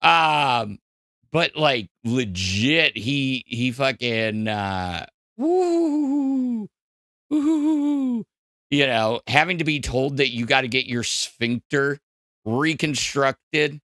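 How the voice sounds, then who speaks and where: A man's voice: mid-range voice, takes it slowly, sharp tone, no echo, clean studio sound. A man hosting a podcast, ranting casually with lots of profanity, fillers and restarts. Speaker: podcast host. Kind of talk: casual crude podcast rant.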